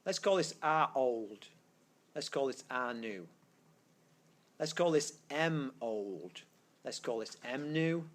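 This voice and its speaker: A man's voice: mid-range voice, animated, slow pace, pauses often, fairly bright tone. A man teaching a physics class, explaining step by step in a classroom and correcting himself as he goes. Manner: explanatory, thinks aloud, self-correcting. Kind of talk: classroom lecture. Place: classroom with students. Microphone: tablet screencast mic.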